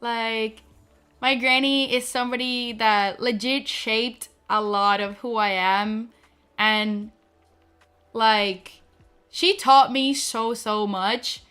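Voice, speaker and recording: A woman streamer chatting casually to her viewers, talking fast and filling her speech with "like". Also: fairly high pitch, steady tone, pushed and bright, clear, resonant tone. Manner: fast-talking, full of "like" fillers. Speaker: streamer debuting a virtual avatar. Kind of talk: casual chat.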